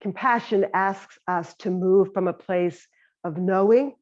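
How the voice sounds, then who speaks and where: A woman meditation teacher giving a gentle, reflective talk on compassionate listening. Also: medium pitch, measured pace. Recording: slightly dull lo-fi sound.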